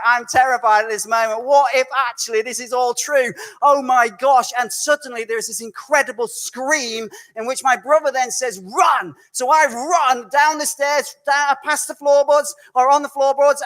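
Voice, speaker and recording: Male guest preacher, chatty and animated storyteller who trips over and fixes his words, recorded video sermon. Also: very high voice. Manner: conversational, animated storytelling with self-corrections. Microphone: recorded video message.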